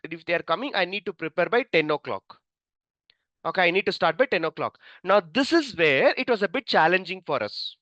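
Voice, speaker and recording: A man's voice: sits high, a bit bright, dry recording. A man teaching an online cloud computing class, telling a story, repeating phrases and putting questions to the class. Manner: repetitive, storytelling, quizzes the class. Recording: dull lo-fi, dry sound.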